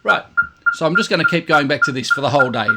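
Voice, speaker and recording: A man's voice: fairly high pitch, expressive, fast, heavy background noise. A man teaching trumpet in a casual video lesson, repeating his points and voicing buzzing sounds to demonstrate. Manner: repetitive, demonstrative, vocalizing sounds.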